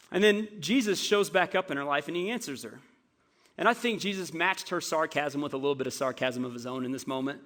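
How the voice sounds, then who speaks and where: A man preaching a sermon as pastor, telling a story in an animated way with frequent stammered restarts, in a church. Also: on the high side, a little fast. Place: church sanctuary.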